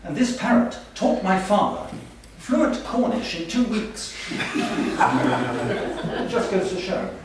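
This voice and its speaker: A man's voice: sits high, big pitch swings, slow, noisy background, full character voice. A man playing a pompous, boastful male language professor in a stage comedy sketch, heard from far off in an echoey hall. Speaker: comic stage performer.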